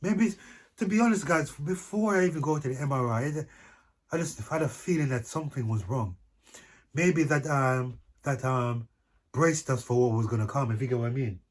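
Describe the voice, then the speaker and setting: A man's voice: mid-range voice, normal speed. Easygoing man, casual chat. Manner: easygoing, laughs often, repeats "if you get what I mean". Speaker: co-host of a couples channel.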